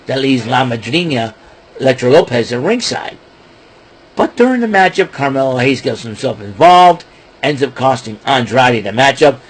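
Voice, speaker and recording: A man's voice: mid-range voice, lively intonation, moderate pace, slightly rough, poor audio. A man hosting a podcast, casually recapping wrestling shows in a rambling way with many fillers and restarts.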